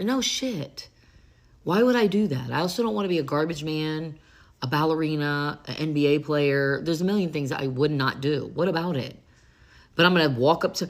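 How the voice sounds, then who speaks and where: A woman's voice: low voice, normal speed. A woman ranting in a social media video, sarcastic and exasperated, with plenty of swearing.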